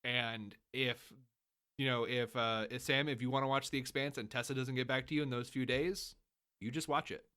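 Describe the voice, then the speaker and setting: Bright-voiced man, emphatic podcast co-host. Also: medium pitch, steady tone, moderate pace, clear, resonant tone. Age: adult, married. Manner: long-winded, laying out rules with emphasis. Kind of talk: casual chat.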